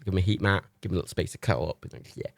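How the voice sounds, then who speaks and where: Young man, casual livestream chat, animated storyteller, swears a lot, low voice, dry close sound. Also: rapid-fire, vocal fry, dry recording. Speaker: livestream host.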